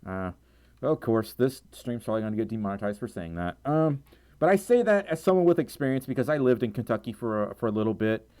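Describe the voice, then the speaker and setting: A man's voice: mid-range voice, expressive, quick pace, a little mellow. A man chatting casually on a livestream, reading out viewer donations. He talks in a chatty way and often stammers, repeating words.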